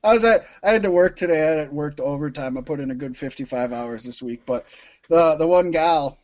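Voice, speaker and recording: A man with a fairly high voice speaks briskly while co-hosting a casual wrestling podcast. He rambles and jokes, laughing often, and the recording sounds dull, lo-fi, and dry.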